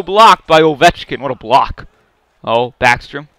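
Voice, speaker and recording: A man commentating his own hockey video game, muttering play-by-play and then yelling at big plays. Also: mid-range voice, lively intonation, unhurried, dry recording. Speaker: gaming YouTuber. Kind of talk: excited play-by-play gameplay commentary.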